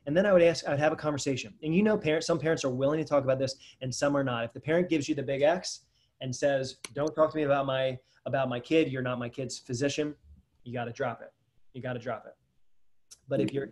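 A man's voice: a little high, a little mellow. A man, a dentist, hosting a casual webinar Q&A, talking energetically and rambling straight to viewers.

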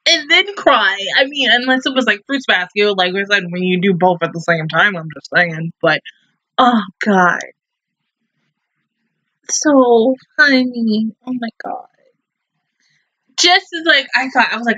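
A woman with a bright, high-leaning voice reacts to anime episodes in casual commentary. She rambles and gushes, swearing freely as her feelings spill out. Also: takes it slowly, long pauses, lo-fi sound.

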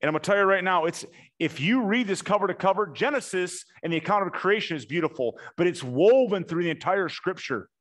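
A man preaching a sermon, telling the story with animated emphasis and slowing down hard on key points. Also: high voice. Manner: animated storytelling, acts out quotes, emphatic slow punchlines.

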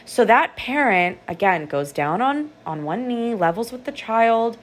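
A woman art therapist giving a calm, reflective motivational podcast talk, guiding listeners through a visualization. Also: on the high side, a little slow.

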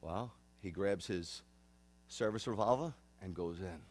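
A rabbi in his fifties preaches a conversational sermon in a low, darkish voice at a slightly slow pace. He's earnest, often repeating and restarting phrases.

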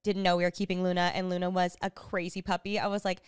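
A woman's voice: on the low side, level tone, clear, resonant tone, no room sound, studio quality. A young woman co-hosting a podcast, chatting casually and chiming in supportively. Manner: chatty, supportive, quick interjections. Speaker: podcast co-host. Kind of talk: casual chat.

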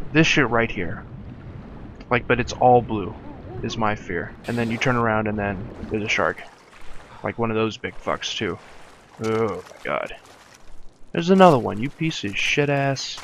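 Jumpy, swearing young gamer with a gravelly voice. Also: male voice, fairly low pitch, lively intonation, unhurried, long pauses, a bit bright, slight background noise. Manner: jumpy, swearing, nervous laughter. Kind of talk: let's play commentary.

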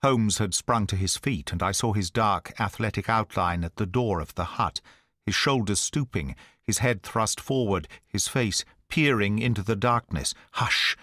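Low-voiced man narrating a story. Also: a bit bright, no echo, studio quality. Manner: measured, dramatic storytelling. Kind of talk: scripted audiobook narration.

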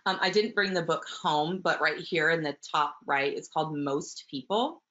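A woman teaching early childhood, talking warmly about picture books and reading them aloud. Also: deep voice, normal speed. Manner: warm, gentle, enthusiastic teacher, with soft fillers. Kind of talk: webinar talk with book read-alouds. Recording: muffled webinar audio.

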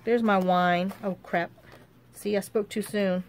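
A woman talks her way through a casual crafting tutorial at a steady middle pitch. She rambles and thinks aloud, with her voice often sinking to a low mutter as she works. A faint hiss sits under the recording. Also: measured pace. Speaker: crafting channel host.

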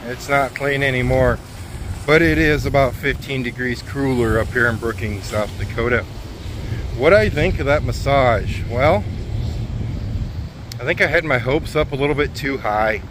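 An easygoing man rambles through a casual vlog with plenty of fillers, filming in and around his pickup. His voice sits at an ordinary pitch for a man. Steady vehicle and outdoor noise runs under everything he says. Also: normal speed. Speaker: trucking vlogger. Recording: noisy outdoor vehicle recording.

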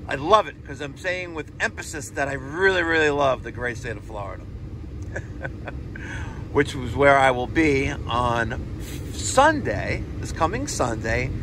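A man, a plumber vlogging about his day in a joking, sarcastic way. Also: mid-range voice. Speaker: plumber and heating technician. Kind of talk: casual driving vlog. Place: in a car, then a customer's house. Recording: noisy, car and street noise.

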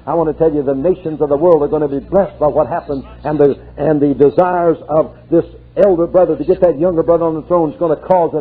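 A man's voice: fairly high pitch, slightly rough. A man preaching a fervent sermon, breaking in with hallelujahs as he retells a scripture story. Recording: tinny lo-fi archive sermon tape.

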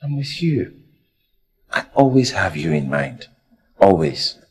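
An actor playing a smooth-talking young man with a Nigerian accent, coaxing and sugary. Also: sits low, very animated, takes it slowly, darkish tone, full character voice. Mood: tender. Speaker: lover off to London.

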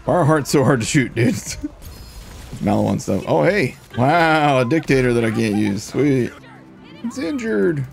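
A man giving casual, jokey commentary over his own gameplay, laughing often and getting excitable. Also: mid-range voice, measured pace, gravelly, faint music behind. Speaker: gaming streamer.

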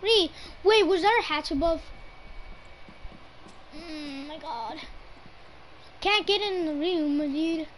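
Very high-voiced excitable female gamer. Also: takes it slowly, pauses often, slight background noise, poor audio. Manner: excitable, teasing, mock-outraged at teammates. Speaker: gamer streaming her play. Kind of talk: live gameplay commentary.

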